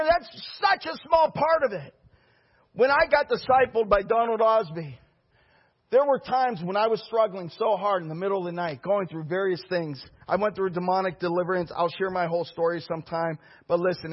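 Man, pastor, impassioned sermon, loud then hushed, husky, muffled lo-fi sound. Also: high voice.

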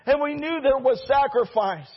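A man's voice: very high voice, moderate pace, highs cut off. A male pastor preaching a sermon with fervor and repeating key phrases for emphasis.

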